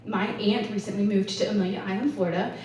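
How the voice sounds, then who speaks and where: A woman's voice: medium pitch, steady tone, fast talker, a little mellow. Chatty woman in an echoey hall. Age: 30s. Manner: chatty storyteller, lots of "like". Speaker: conference speaker. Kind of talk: storytelling conference talk. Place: conference hall. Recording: echoey hall, voice from far off, faint hiss.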